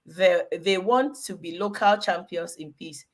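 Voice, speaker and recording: A woman's voice: on the low side, a little slow. A woman in her forties with a Ghanaian accent, a guest talking casually and animatedly on a live video call, laughing often and slipping into pidgin. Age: 40s.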